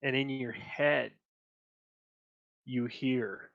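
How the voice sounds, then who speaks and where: A man narrating a tabletop game as game master, slow and descriptive. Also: mid-range voice, steady tone, pushed and bright, dry recording, lo-fi sound.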